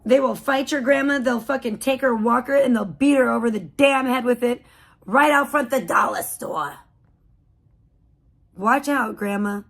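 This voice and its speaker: A woman's voice: on the high side, normal speed, vocal fry. A woman hosting a livestream, giving profane, mocking commentary. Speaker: livestream host. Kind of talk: live stream commentary.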